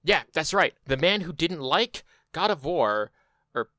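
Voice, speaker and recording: A man's voice: a little high, animated, unhurried, bright, forceful tone, dry recording. A man giving casual, profane reaction commentary on a video, with sarcastic asides.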